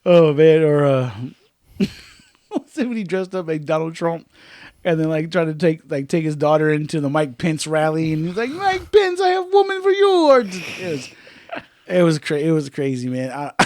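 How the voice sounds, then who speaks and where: A man co-hosting a casual podcast chat, laid-back and full of "man" and "dude", who acts out other people's lines in loud, high voices. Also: normal speed, no echo. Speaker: podcast co-host.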